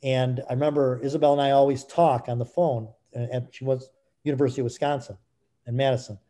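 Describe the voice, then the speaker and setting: A middle-aged man speaking candidly as an interview guest, halting with frequent restarts. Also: mid-range voice, flat delivery, warm tone. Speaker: guest, author.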